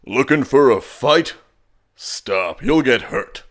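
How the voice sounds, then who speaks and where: A man voicing an angry alien warrior from a cartoon, speaking breathily from the chest with gravel at the ends of sentences. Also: medium pitch, animated, takes it slowly, pitched above the performer's own voice.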